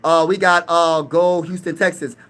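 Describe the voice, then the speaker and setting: Man, young adult, from pennsylvania, live-stream sports host, hyped, trash-talking, fairly high pitch. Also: flat delivery, moderate pace, a bit bright. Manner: hyped, trash-talking, reads chat aloud.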